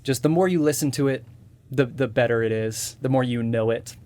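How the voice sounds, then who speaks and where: A man's voice: medium pitch, a little fast, a little mellow. A man with a slightly nasal voice, a voice actor and impressionist guest explaining his techniques step by step in casual interview chat.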